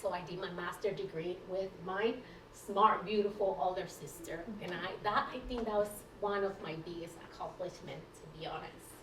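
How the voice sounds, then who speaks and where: A woman's voice: fairly low pitch, normal speed, a little hiss or hum. Woman telling her story in a roomy hall. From Puerto Rico. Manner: lively storyteller with frequent restarts. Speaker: guest speaker, nurse. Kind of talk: personal storytelling talk. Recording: roomy sound from a distant mic.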